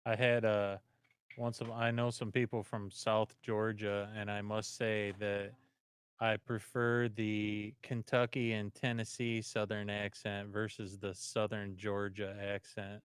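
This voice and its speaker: A man's voice: on the low side, level tone, takes it slowly, clean tone, no room sound. A man from Michigan chatting casually on a live stream with short, laid-back remarks. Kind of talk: casual chat.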